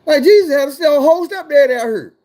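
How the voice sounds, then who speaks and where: A man telling a profane, animated personal story in casual talk. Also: very high voice, quick pace. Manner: profane, animated, acts out voices.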